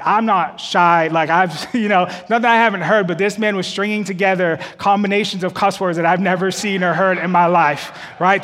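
A man preaching a sermon, telling a story and rising to loud shouted peaks before a laughing congregation. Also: high voice, in a large hall.

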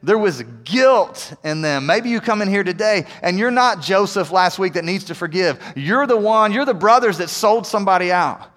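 A man preaching as a pastor in a church, conversational, with frequent "right?" asides, moving between quiet and emphatic passages. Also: high-pitched, animated, normal speed, few pauses. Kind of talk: sermon. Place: church sanctuary. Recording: long hall reverb.

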